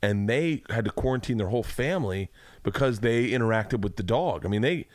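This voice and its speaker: A man's voice: medium pitch, lively intonation, a little fast, a little mellow, dry recording, studio quality. A man hosting a podcast, telling a story in a casual chat, acting out the people he quotes and swearing freely. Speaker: podcast host. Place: home studio room.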